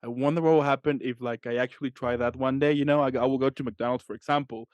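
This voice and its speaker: A man hosting an easygoing interview, chatty and rambling, with a steady mid-range voice. His voice is recorded close and dry, with no room sound around it. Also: medium pitch, fast, clear, resonant tone, dry recording. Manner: chatty, lots of backchannel agreement, loose rambling sentences. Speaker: host. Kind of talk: casual interview chat.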